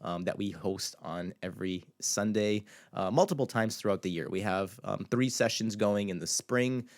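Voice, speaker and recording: In a casual video lesson, a man with a lowish, creaky voice teaches a language loosely and conversationally, using filler words and slowly repeating words to show how they're pronounced.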